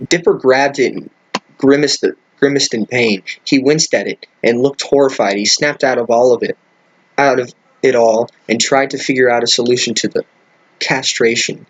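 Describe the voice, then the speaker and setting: A man with a steady, medium-pitched voice reads a crude fan fiction aloud at a moderate pace as comedy. He stumbles over words and breaks off to swear and react in disbelief.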